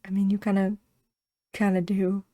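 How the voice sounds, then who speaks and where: A woman's voice: mid-range voice, completely flat delivery, moderate pace, dark tone, a little hiss or hum. A woman streamer giving crude, joking casual commentary on a game. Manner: crude, joking, often laughing. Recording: game music behind voice.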